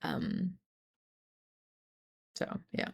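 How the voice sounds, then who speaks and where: Chatty young woman streamer. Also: very slow. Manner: chatty and scattered, swears freely, laughs often. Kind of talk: casual live-stream chat.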